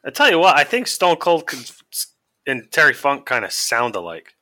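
A man's voice: medium pitch, huge pitch swings, moderate pace, pushed and bright, no echo, clean studio sound. A man with a Boston accent co-hosting a podcast, cracking blunt jokes and swearing as he watches old wrestling. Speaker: podcast co-host. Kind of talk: casual chat watching wrestling.

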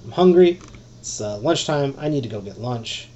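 A man hosting a solo fantasy basketball podcast, rambling and excitable, with lots of fillers and some swearing. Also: medium pitch, normal speed, muffled recording, a little hiss or hum.

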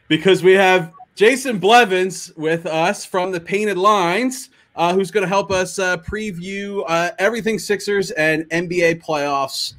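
A man's voice: high-pitched, measured pace, few pauses, a bit bright. A man hosting a podcast in casual chat, joking and rambling with restarts. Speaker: podcast host.

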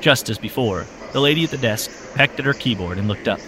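A man reading a story aloud as narrator in a steady, measured way. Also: mid-range voice, crowd noise. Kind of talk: audiobook narration.

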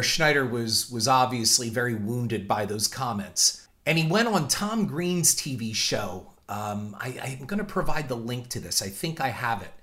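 A man hosting a show, telling a story in animated commentary and often repeating words as he talks. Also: mid-range voice. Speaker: podcast host.

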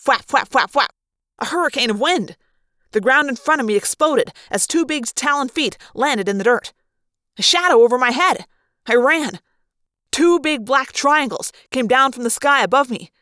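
A woman reading a fan audiobook aloud with expressive storytelling. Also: high voice, normal speed, no echo, studio quality. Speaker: reader.

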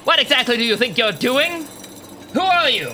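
A man's voice: extremely high pitch, very animated, moderate pace, sharp tone, a little hiss or hum, voice pushed up, full character voice. A man voicing a stern male military officer who demands answers, stammering as he gives orders. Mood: indignant.

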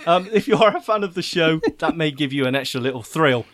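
A man's voice: fairly high pitch, lively intonation, fairly bright tone. A British man co-hosting a podcast in a chatty, joking way. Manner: chatty, jokey, quick to laugh. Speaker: podcast co-host. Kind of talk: casual chat.

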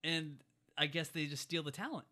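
A man's voice: fairly high pitch, normal speed, pushed and bright. A man casually recapping a movie in a rambling way, filling his talk with "like". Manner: rambling, lots of "like" fillers.

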